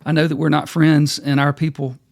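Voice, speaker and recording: A desperate young scorpion from a told fable begs for rescue in a gravelly, pleading voice, as a male storyteller puts him on. The sound is close and dry. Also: fairly high pitch, little pitch movement, a little fast, no room sound. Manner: pleading, earnest.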